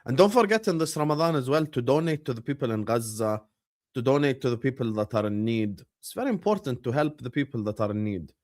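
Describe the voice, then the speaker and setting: A young man hosting a live football watchalong, chatting casually with his viewers and shouting at big moments of the match. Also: medium pitch, fast. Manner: animated, bursts into loud shouts at match moments, banters with chat. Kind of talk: casual live-stream chat and match commentary.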